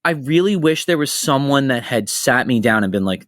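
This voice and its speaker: A middle-aged man hosting a casual podcast, telling stories in an animated way, swearing freely and jumping between tangents. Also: mid-range voice, normal speed, few pauses, no room sound, studio quality. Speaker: podcast host.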